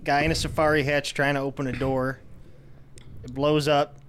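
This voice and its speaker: Male podcast co-host, terse plot recapper. Slightly high voice. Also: flat delivery, moderate pace, fairly bright tone, slight background noise. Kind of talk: casual movie review chat.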